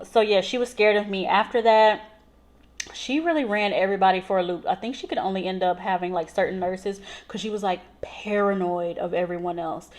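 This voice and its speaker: A woman nurse telling patient stories in a casual vlog, chatty and animated, full of "like" and "so". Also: mid-range voice. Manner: chatty, animated retelling with lots of "like" and "so".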